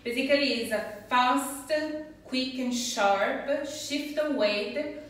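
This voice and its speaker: A woman's voice: sits high, takes it slowly, a bit bright. A woman teaching a belly dance class, counting rhythms and explaining steps patiently. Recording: echoey room, voice from far off.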